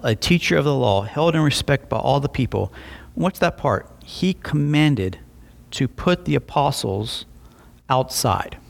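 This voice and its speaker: A young adult man preaching a sermon, telling stories with lively voiced asides. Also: mid-range voice, creaky. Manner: animated storytelling with voiced asides. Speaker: pastor.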